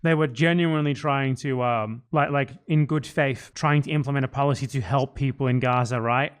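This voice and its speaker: A man's voice: mid-range voice, steady tone, normal speed, clean tone. A man hosting a political commentary stream, talking in a heated, sarcastic way and mocking his opponents. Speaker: streamer host.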